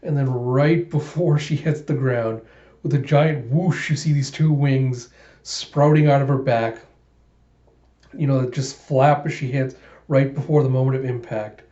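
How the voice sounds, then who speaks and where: A man's voice: medium pitch, fairly even intonation, unhurried, dark tone. A man narrating a comic readthrough, retelling it casually with enthusiasm and emotion. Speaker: manga reader and vlogger. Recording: roomy, dull home recording.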